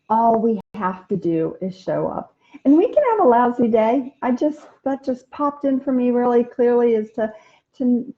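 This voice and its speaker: A woman's voice: medium pitch, muffled recording. A woman hosting a casual inspirational live stream, chatting and answering viewer comments with many ums and restarts.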